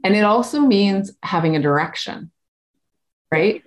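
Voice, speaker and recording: A woman's voice: medium pitch, animated, unhurried. A woman coach hosting a casual interview, candid and swearing freely, with frequent "like" and "right?" between her thoughts. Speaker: podcast host and coach.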